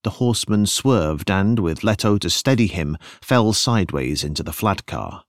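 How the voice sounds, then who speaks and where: A man reading a novel aloud as an audiobook narrator, in a measured, expressive storytelling manner. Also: low-pitched, no echo, clean studio sound. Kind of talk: scripted narration.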